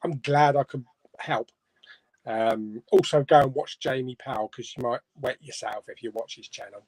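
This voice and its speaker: A man's voice: medium pitch, normal speed, a little mellow, no echo. A man hosting a casual live stream, reading viewer comments aloud and chuckling between them. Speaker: host of a live chat stream. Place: home room.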